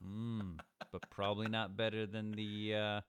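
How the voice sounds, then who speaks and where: Sardonic male podcast co-host, bright and dry. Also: fairly low pitch, measured pace, clean tone, dry recording. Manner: sardonic, deadpan reading of listener comments. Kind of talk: comedic podcast banter.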